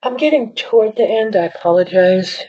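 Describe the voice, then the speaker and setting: Warm in tone and animated, a woman with a mid-range voice speaks at a moderate pace on her own card-making channel. She rambles casually while showing her work, apologizing and being self-deprecating about her skill, in dull lo-fi audio.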